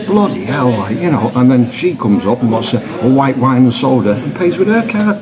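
A man grumbling humorously about pub habits in a casual monologue, recorded in a pub. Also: medium pitch. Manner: chatty, grumbling, dry humour. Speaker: pub vlogger. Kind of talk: casual comic monologue to camera.

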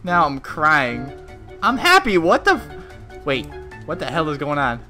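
A young man giving crude, excitable gameplay commentary, laughing often as he plays. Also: fairly high pitch, a little slow, faint music behind. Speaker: gaming YouTuber.

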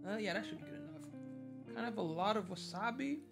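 A man's voice: high-pitched, animated, fairly quick, vocal fry. A man hosting a casual mukbang vlog, chatty and upbeat, talking straight to his viewers while he eats. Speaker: food vlogger host. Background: faint background guitar music.

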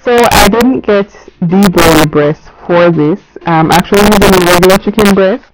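A woman's voice: medium pitch, normal speed, low-quality recording. A woman giving a casual cooking voice-over, chatty and talking straight to her viewers. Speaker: cooking channel host.

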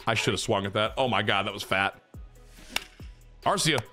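A man's voice: lowish voice, normal speed, over music. A young man streaming a baseball video game, cheering, groaning and swearing at each play while talking to his chat. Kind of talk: casual gameplay commentary to chat.

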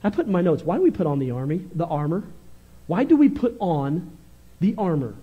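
A male pastor preaching with fervent, animated energy, often swinging from loud bursts to quiet stretches. His voice sits very high for a man. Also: brisk, husky, muffled recording. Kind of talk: sermon.

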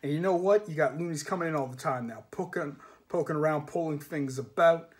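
A man's voice: on the high side, brisk, lightly acted. A man voicing a resentful working-class cart driver who mutters and grumbles in common speech. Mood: uneasy.

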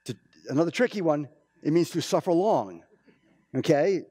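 A pastor preaching a casual, storytelling sermon, with many restarts and asides. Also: male voice, fairly high pitch, animated, normal speed, dark tone, husky, no room sound, clean studio sound. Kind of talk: conversational sermon. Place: church.

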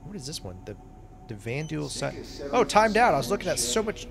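A man giving excited, chatty commentary while playing a space game, reacting aloud to everything he sees. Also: a little high, brisk, gravelly. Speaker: gaming YouTuber. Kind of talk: casual gameplay commentary. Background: game music.

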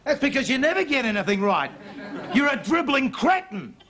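An actor playing a scheming, pompous middle-aged Australian car dealer, bossy and impatient in a studio sitcom. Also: male voice, very high-pitched, very animated, normal speed, a loud crowd, very noisy. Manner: bossy, impatient, wheeling-dealing. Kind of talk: 1980s studio sitcom acting.

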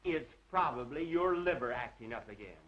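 An actor playing a dry-witted, teasing secretary in a 1930s film. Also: male voice, medium pitch, lively intonation, moderate pace, dull audio, close to an everyday voice. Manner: sardonic, teasing. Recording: distant roomy 1930s film soundtrack.

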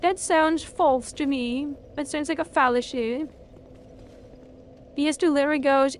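A woman streaming a video game, reacting loudly and swearing freely at each twist of the fight. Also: high-pitched, normal speed, slight background noise. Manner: excitable, swears a lot, talks at the game. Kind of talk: live gameplay commentary.

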